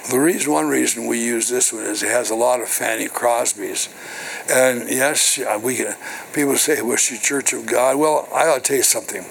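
A man's voice: medium pitch, vocal fry, slight background noise, low-quality recording. An older man, a minister, preaching a sermon to his congregation, reading scripture and then explaining it with call-and-response asides. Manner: call-and-response preaching with repeated "hello" and "right". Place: church.

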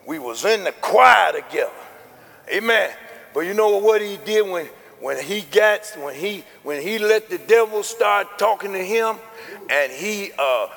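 A man preaches in a high, gravelly voice, pausing for amens and rising into shouts. His words ring out with a long reverberant tail. The delivery is emphatic and repetitive. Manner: emphatic, punctuated with frequent amens, building to shouts. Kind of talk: sermon. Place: church.

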